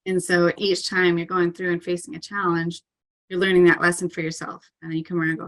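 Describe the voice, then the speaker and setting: A woman's voice: lowish voice, level tone, fast talker, fairly bright tone. A woman talking as a parkour coach in a casual interview, earnest and chatty, with frequent "um" and "like" fillers and light laughs.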